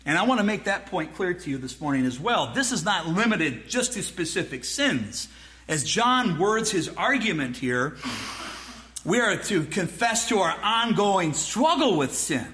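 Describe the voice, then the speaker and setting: A male pastor delivers an emphatic sermon in a high, bright voice. He swings his pitch widely, drives his points home with repetition, and throws out rhetorical questions to the congregation. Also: big pitch swings, a little slow. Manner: emphatic preaching, mock dialogue with the congregation; rhetorical questions and repeated phrases.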